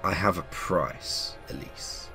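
Man doing a sly, hushed demon. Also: deep voice, soft background music, heavily acted, low-quality recording. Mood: menacing. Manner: silky, mocking, slow and hushed. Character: sinister male demon bargaining for souls. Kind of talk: reading game dialogue aloud in voices.

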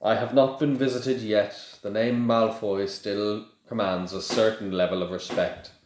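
A man's voice: lowish voice, steady tone, unhurried, darkish tone, echoey room, close to an everyday voice. A man reading aloud and voicing a cold, haughty aristocratic father who speaks in clipped, disdainful tones.

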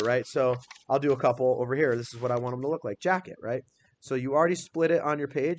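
A male teacher with a mid-range voice leads a classroom phonics lesson. He patiently spells words out letter by letter and quizzes students by name.

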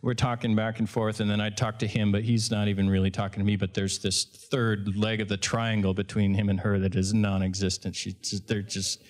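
A man's voice: lowish voice, level tone, a little fast, few pauses. A man, a fishing guide, telling a story at a live event in a conversational way, often restarting and correcting himself.

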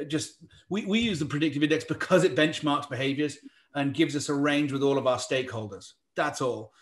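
An English-accented man leads a virtual workshop, talking quickly and breaking into wry joking asides. His voice sits at an ordinary middle pitch for a man. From England. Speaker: workshop presenter. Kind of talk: live virtual workshop talk.

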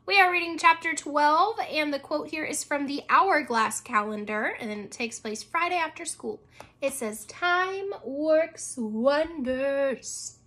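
A woman reading a children's chapter book aloud in a cheerful, expressive manner. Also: high voice, moderate pace. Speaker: storyteller.

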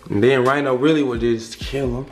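A man's voice: mid-range voice, fairly even intonation, brisk, darkish tone, faint music behind. A young man vlogging casually at home, talking playfully and dotingly to a new puppy. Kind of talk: casual vlog chat.

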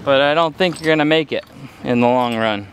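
A man's voice: mid-range voice, brisk, slight background noise. A man hosting a casual outdoor vlog on a boat, enthusiastic and jokey. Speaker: vlogger, channel host. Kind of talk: casual upbeat vlog chat. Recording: background music under the voice.

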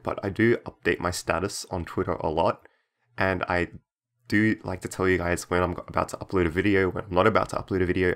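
A man's voice: lowish voice, fairly bright tone. A young man, a YouTuber, giving casual commentary as he plays a game, chatting, joking and reading the game text aloud while trying not to laugh.

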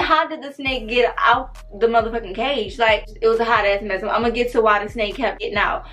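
Young woman w/ aave going off telling a wild story, cussing a lot, bit high pitched, faint music. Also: a little fast, hardly any pauses. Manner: animated, profane, dramatic retelling. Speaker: storytime vlogger. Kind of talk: casual storytime.

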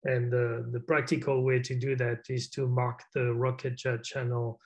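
A man's voice: medium pitch, level tone, normal speed, rough recording. Easygoing man chairing a call. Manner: easygoing, chatty, with hesitant fillers. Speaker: meeting chair. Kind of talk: casual meeting talk.

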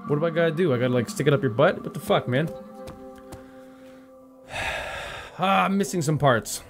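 Young man, let's play host, hyper, swears a lot, animated pitch, light game music. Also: moderate pace. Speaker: gaming video host.

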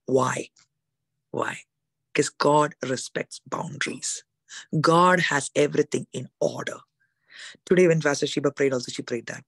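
A woman's voice: deep voice, unhurried, creaky, pauses often, no echo. Emphatic woman preaching. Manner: emphatic, rhetorical questions, declarations. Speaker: conference speaker. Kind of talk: sermon.

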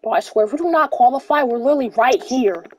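A woman gamer giving live gameplay commentary, excitable and full of swearing and exclamations. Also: sits high, quick pace, no room sound. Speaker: gamer playing online with a partner.

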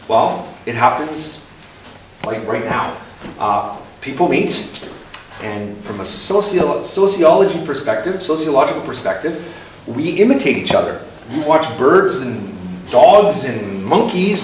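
Male speaker, casual lecture delivery full of ums, recorded from a distance in a very echoey hall with faint noise. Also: medium pitch. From Canada. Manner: hesitant, many ums and restarts, playful asides. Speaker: guest speaker. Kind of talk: informal public talk.

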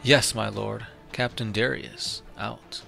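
A man reading the part of a dutiful soldier captain giving brisk replies. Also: lowish voice, fairly even intonation, vocal fry, bright, forceful tone, soft background music, exaggerated voice.

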